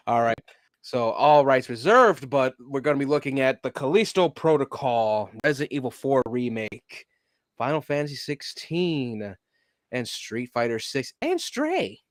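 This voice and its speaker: Here the streamer speaks at medium pitch in an unhurried way, on a dry recording. Profane and quick to laugh, he reacts to game trailers and complains about the tech trouble his computer is giving him.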